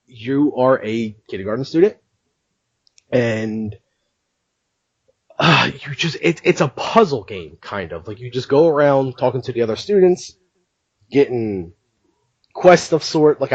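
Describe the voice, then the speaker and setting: Lively, laughing man on a podcast. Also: medium pitch, no echo, dull audio. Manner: animated storyteller who laughs often. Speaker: podcast host. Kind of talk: casual podcast chat.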